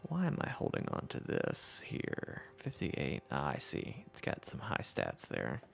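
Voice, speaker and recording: A man's voice: rumbling low, huge pitch swings, measured pace, creaky, faint music behind. A man with a Southern US accent hosting a casual gameplay livestream, reading chat aloud in an easygoing, self-deprecating way. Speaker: livestream host.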